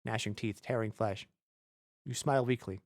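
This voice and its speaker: A man streaming a video game, reading its text aloud in a low mutter and breaking into rambling, jokey asides full of "like". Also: normal speed, noisy background. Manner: jokey, irreverent, swears.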